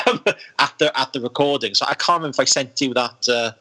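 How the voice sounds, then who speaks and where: A man's voice: mid-range voice, fast talker, sharp tone. A man in a casual chat, sheepish about his own recordings. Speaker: guest voice actor.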